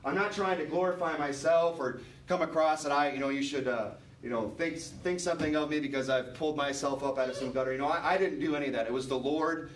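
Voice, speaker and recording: A man preaching a sermon in a church, earnest and repetitive, climbing into emphatic passages. His voice sits a little high for a man and rings through a roomy hall. He is picked up from some distance, with faint room ambience behind him. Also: quick pace, few pauses, a little hiss or hum. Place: church sanctuary. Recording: echoey room, mic at a distance. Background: congregation responding amen.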